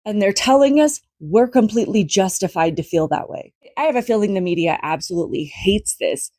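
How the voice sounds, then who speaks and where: A woman's voice: medium pitch, animated, fairly quick, warm tone, breathy edge, no room sound, studio quality. An American woman giving earnest, emphatic opinion commentary and listing examples one after another. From United States. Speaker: social media commentator.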